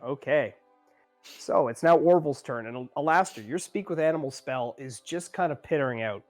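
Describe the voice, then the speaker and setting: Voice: medium pitch, moderate pace, a little mellow, faint music behind. A game master narrating a tabletop game in a casual, rambling way, full of fillers and self-corrections.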